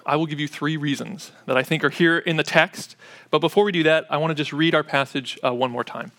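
A man's voice: on the high side, a little fast, a bit bright. A man preaching a sermon in a church, conversational and sprinkled with "uh" fillers. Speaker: pastor.

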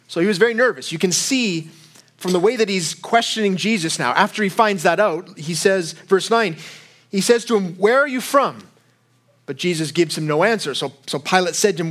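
A man's voice: sits high, fairly bright tone. A young adult man giving a sermon in a conversational style, voicing quoted lines with a lifted voice. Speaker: pastor.

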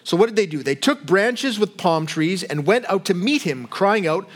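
A man's voice: high voice, animated, moderate pace, hardly any pauses. A man preaching a sermon in a conversational way, often asking rhetorical questions. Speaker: pastor.

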